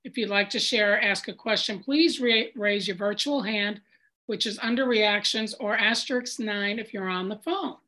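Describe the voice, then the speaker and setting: Woman, meeting leader, bright, clear procedural read on a video call. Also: medium pitch, normal speed, rough recording. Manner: clear, procedural, brief asides. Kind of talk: reading meeting guidelines.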